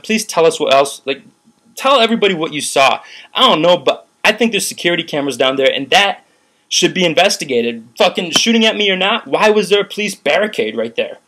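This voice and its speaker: A young man with a high, fairly bright voice rants to camera in a rambling video. As a vlogger recounting a protest, he's heated and profane, saying "like" frequently.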